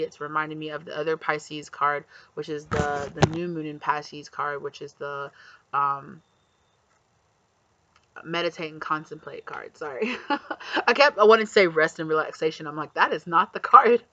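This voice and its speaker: This tarot reader is a man with a slightly high, bright, forceful voice who gives a casual reading. He rambles, uses lots of fillers, and acts out quotes. The audio is slightly dull and lo-fi, with faint background ambience.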